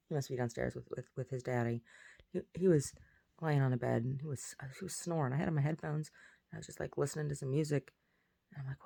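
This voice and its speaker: Rambling chatty woman with gravelly voice. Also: rumbling low, fairly even intonation, a little fast, long pauses, mellow. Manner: rambling, chatty, jumping between topics. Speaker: vlogger. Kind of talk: casual chat.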